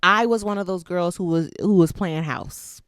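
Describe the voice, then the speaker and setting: A woman's voice: on the low side, moderate pace, no echo. Candid, profane woman host, dry sound. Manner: candid and profane, with loose chatty tangents; laughs often while talking. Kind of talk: casual chat.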